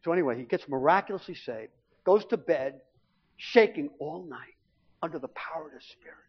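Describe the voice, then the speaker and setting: A middle-aged man preaching, telling a lively personal story from the pulpit and acting out what his family said. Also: a little high, a little fast, breathy edge. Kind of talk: sermon testimony storytelling. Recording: dull lo-fi recording.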